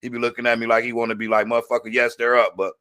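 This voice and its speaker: A man hosting a podcast, encouraging his guest in a relaxed, slangy way. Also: mid-range voice, racing, smooth. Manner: laid-back, encouraging, slangy. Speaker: podcast host. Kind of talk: casual interview chat. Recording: loud crowd noise behind. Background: loud crowd.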